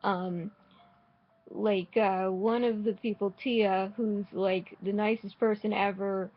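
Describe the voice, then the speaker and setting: A woman's voice: medium pitch, fairly even intonation, takes it slowly, lo-fi sound. A woman giving casual, rambling commentary while playing a game, sarcastic and swearing, often restarting her sentences. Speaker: gaming vlogger.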